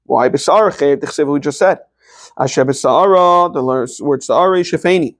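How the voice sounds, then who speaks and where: A high-pitched American man teaching a Talmud lesson. He draws out the source phrases slowly, then hurries through his explanation in a casual classroom tone, stumbling over repeated words as he goes. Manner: reads Aramaic phrases slowly then explains quickly in English, with repeated restarts. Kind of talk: daf yomi Gemara class.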